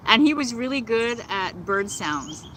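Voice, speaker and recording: A woman chatting gently on a live stream from outdoors, laughing often. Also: on the high side, sing-song, measured pace, slight background noise, poor audio. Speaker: vlogger. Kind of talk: casual live-stream chat. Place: outdoors in nature.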